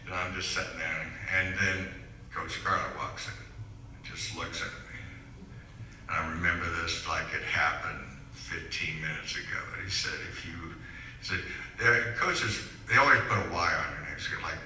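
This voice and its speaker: A man's voice: low voice, normal speed, pushed and bright, a little hiss or hum. Older man, rambling speech in echoey hall. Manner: rambling, self-deprecating, anecdotal. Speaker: hall of fame inductee giving a speech. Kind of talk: storytelling acceptance speech. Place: school hall. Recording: echoey hall, mic far off.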